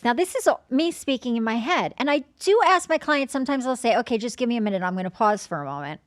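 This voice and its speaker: A woman working as a medium, chatting and telling stories in a podcast, animated and acting out her own inner dialogue. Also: a little high, fast talker, hardly any pauses, no room sound, clean studio sound. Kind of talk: casual storytelling chat.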